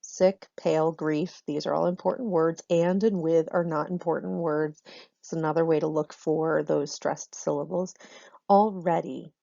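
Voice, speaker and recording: A woman's voice: low voice, fairly even intonation, moderate pace, creaky, mellow, no room sound, muffled recording. A woman teacher explaining a lesson patiently to students in a recorded online class, with frequent ums.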